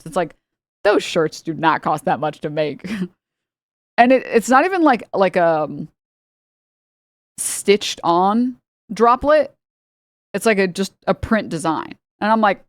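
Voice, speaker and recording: A woman's voice: lowish voice, no room sound. A young woman streaming, talking casually and rambling with exasperated, sarcastic asides to her chat.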